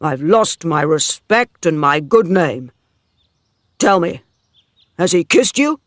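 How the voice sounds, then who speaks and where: A man reader voicing a wounded, jealous farmer who speaks forcefully. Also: on the high side, animated, slow pace, no echo, clean studio sound. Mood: accusing. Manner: forceful, anguished. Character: wounded older male farmer, jealous and intense. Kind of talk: dramatic story reading.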